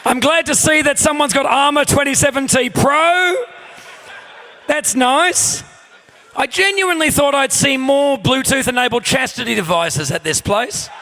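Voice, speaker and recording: An Australian man hosting a live comedy show on stage, loud, sweary and exasperated as he banters with the audience. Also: very high voice, a little slow, a faint crowd, a little hiss or hum.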